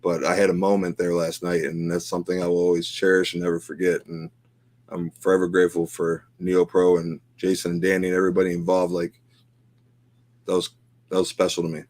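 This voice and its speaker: Low-voiced heartfelt podcast host man. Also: completely flat delivery, a little fast, darkish tone. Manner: emotional, heartfelt, rambling with many fillers. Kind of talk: casual chat.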